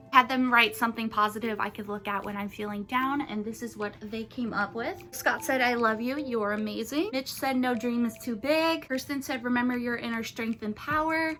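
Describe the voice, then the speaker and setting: A woman's voice: on the high side, pushed and bright. A young woman vlogger telling a story in a casual, gushing and emotional way, with many fillers.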